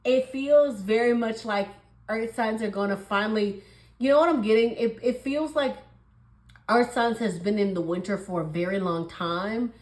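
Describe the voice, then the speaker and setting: A woman's voice: fairly high pitch, moderate pace, echoey room, poor audio. A woman giving a casual tarot reading in a chatty way. She laughs often and acts out little dialogues. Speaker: tarot reader.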